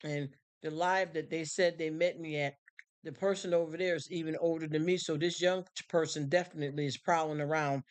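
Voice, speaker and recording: A woman's voice: deep voice, fairly even intonation, a little fast, clear, resonant tone. A woman hosting a casual livestream, reading viewer comments with effusive, slangy talk and frequent laughter. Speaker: livestream host.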